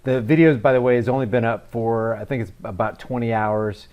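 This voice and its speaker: A man's voice: medium pitch, steady tone, brisk, a little mellow, dull audio. Man giving scornful, emphatic commentary. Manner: mocking, emphatic, with scornful asides. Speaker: reaction video host. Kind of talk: sarcastic political commentary.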